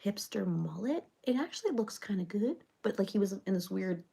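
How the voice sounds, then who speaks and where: A woman's voice: mid-range voice, very animated, moderate pace, vocal fry, dark tone, slightly rough, heavily acted. A woman playing a rambling reality-show personality in a comedic parody monologue, chattering on with loads of fillers.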